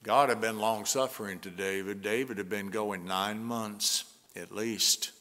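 A man preaching a sermon as pastor, earnest and conversational, with soft chuckles between points. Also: lowish voice, fairly even intonation, a little slow. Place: church sanctuary. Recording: long church reverb.

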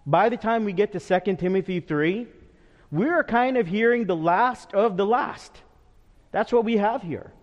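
Man, pastor preaching, slow and earnest, long church reverb, muffled lo-fi sound. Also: high voice. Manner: earnest, measured, drops softly for prayer and memories. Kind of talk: sermon. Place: church sanctuary.

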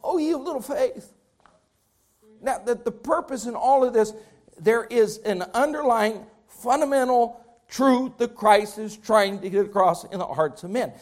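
A man's voice: very high voice, normal speed. A man preaching a sermon as pastor, repeating phrases and building intensity as he speaks to his congregation.

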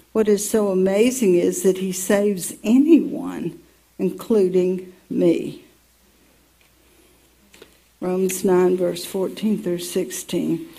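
A woman giving a devotional Bible teaching, reading scripture contrasts aloud in a deliberate way and laughing now and then. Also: mid-range voice, mellow, low-quality recording.

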